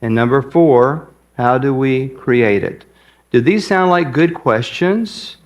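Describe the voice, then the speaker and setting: A man gives a folksy talk from the pulpit of a church as guest speaker. He speaks slowly in a middle register, with frequent pauses and small hesitations. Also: medium pitch, highs cut off. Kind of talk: sermon with a joke. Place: church sanctuary.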